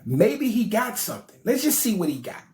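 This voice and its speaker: A man voicing a male alien king who quietly plots with his counsel in slang. The voice sits well below his own. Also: high-pitched, sing-song, fairly quick, roomy sound. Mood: scheming. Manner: hushed, conspiratorial. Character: scheming male alien king, low and plotting.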